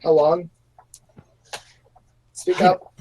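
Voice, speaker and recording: A young man playing a tabletop game, casual, animated and prone to swearing. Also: high voice, extremely slow, husky, poor audio. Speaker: player.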